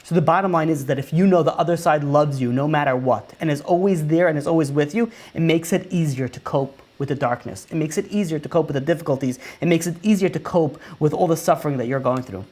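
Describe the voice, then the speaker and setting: Rabbi giving a chatty sermon, keeps asking you know what, repeats himself. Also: male voice, fairly high pitch, quick pace, few pauses, darkish tone. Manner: repetitive rhetorical questions, restarts. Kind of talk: conversational sermon.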